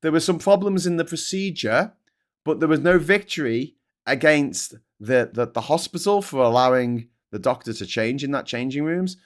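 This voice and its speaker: A man's voice: a little high, lively intonation, normal speed. A middle-aged man hosting a casual morning show, reviewing headlines in a sweary, sarcastic and openly vexed way. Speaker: host. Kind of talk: casual commentary on newspaper headlines.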